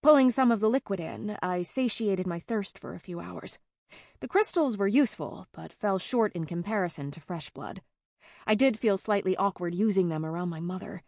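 A woman narrating a first-person fantasy audiobook in an even, conversational way. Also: mid-range voice, gravelly, no room sound, clean studio sound.

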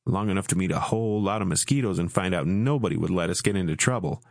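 A man's voice: low voice, quick pace, creaky, no echo, studio quality. A man voicing a wry, swaggering young army soldier in an audiobook, coarse and joking. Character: brash, crude young male army soldier. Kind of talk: audiobook character voice.

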